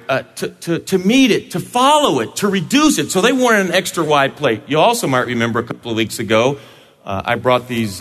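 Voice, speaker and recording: A male pastor delivering a sermon in a church sanctuary, playful and animated as he jokes with his people. His voice sits fairly high and swings widely up and down. A long hall reverb trails every phrase. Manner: playful, animated, joking with the congregation.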